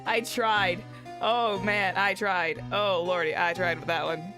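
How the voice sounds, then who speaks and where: A woman's voice: mid-range voice, fairly even intonation, measured pace. A woman streaming a visual novel game, chatting between lines and laughing at her own attempts at voices. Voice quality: playful, laughs at herself, chatty asides. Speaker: VTuber streamer. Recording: streamed with loud game music behind.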